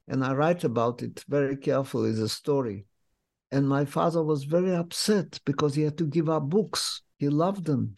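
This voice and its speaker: An older man from Lithuania, recounting his memories in an interview as a vivid, unhurried storyteller. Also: on the high side, darkish tone. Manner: vivid, unhurried storyteller with slightly non-native English phrasing. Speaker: interviewee, memoir author.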